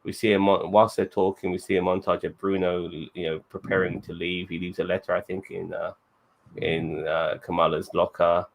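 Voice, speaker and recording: Low gravelly man recapping a show. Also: flat delivery, moderate pace. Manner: rambling recap full of fillers and restarts. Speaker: podcast co-host recapping the episode. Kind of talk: casual chat.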